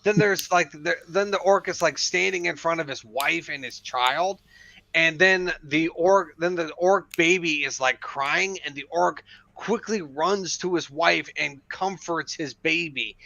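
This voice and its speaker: A man's voice: on the high side, measured pace, gravelly, pushed and bright. A man co-hosting a casual chat, ranting emphatically and swearing often. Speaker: podcast co-host. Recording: dull lo-fi dry podcast mic.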